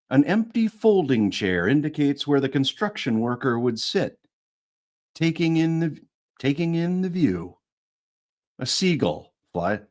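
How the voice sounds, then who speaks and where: A man's voice: on the high side, a little mellow. A man reading a first-person audiobook narration, restarting phrases to retake lines.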